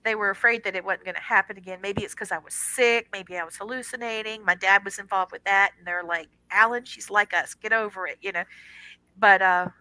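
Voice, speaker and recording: A middle-aged woman tells a personal story as a radio guest, animated and dramatic, slipping into the voices of the people in it. Her voice is very bright and cutting, and the close mic is completely dry. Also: mid-range voice, a little fast, no echo, poor audio. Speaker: guest on a paranormal radio show. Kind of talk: casual storytelling.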